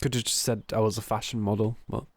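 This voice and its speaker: A man's voice: lowish voice, little pitch movement, quick pace. A young man giving joking, sarcastic commentary while playing a video game. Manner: sarcastic, joking, camp asides. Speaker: let's play gamer. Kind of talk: gameplay commentary.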